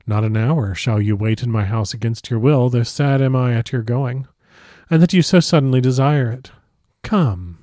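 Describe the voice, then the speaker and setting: Man voicing a sinister old vampire count, smooth, soft, courteous, storybook villain, dry sound. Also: medium pitch, normal speed, no echo, natural voice.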